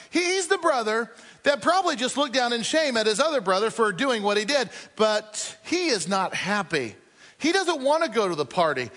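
Pastor, male, high voice, storytelling sermon that acts out its characters, long hall reverb. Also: a bit bright. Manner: storytelling, acting out quoted speakers.

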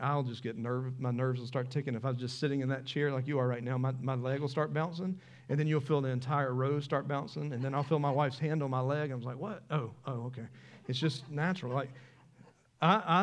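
A man, preaching a sermon in a church, animated and conversational, asking the congregation questions. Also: medium pitch. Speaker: pastor. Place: church sanctuary.

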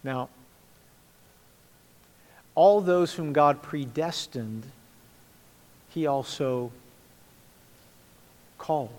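A male pastor delivers a sermon in a sanctuary, his voice sitting a little high. He speaks earnestly and pressingly, then softens into quiet prayer. Long reverb trails each phrase. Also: extremely slow, long pauses. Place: church sanctuary.

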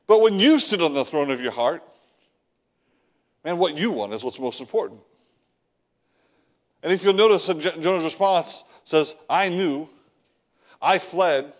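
A man's voice: fairly high pitch, animated, unhurried, long pauses. Man preaching with wide dramatic swings. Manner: repeats words while building a point. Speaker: pastor. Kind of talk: sermon.

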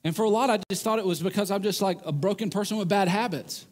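A man with a high, light voice preaches an earnest sermon to a room of men. He is animated and acts out the voices he quotes. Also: quick pace. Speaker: pastor.

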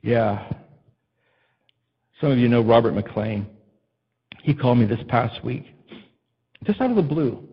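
A male pastor preaching a sermon in an impassioned way that builds to loud, emphatic peaks. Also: mid-range voice, animated, unhurried, pauses often, slightly rough, muffled recording.

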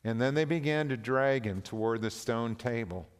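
A man preaching a sermon, reading a story and scripture aloud in a slow, earnest, deliberate manner. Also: medium pitch, clear, resonant tone. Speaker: pastor. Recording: long reverb of a large hall.

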